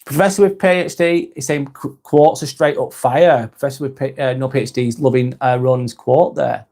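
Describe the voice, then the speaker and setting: A man's voice: mid-range voice, steady tone, moderate pace, a little mellow. A man from northwest England, hosting a live stream in a casual chat style, reading viewer comments aloud and replying in a friendly way.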